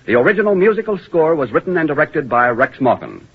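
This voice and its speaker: A man giving the closing credits as an old radio announcer. His voice sits somewhat high with a lively, lilting rise and fall and a slight husk. The sound is muffled, as on an old broadcast. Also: quick pace. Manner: crisp, formal, declamatory.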